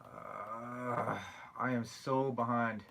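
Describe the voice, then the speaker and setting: A young man hosts a casual live stream, answering viewer questions in a loose, rambling way and apologizing often. His voice has a bright, forceful edge at an ordinary middle pitch. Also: steady tone, extremely slow, creaky. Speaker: YouTube creator answering live chat questions.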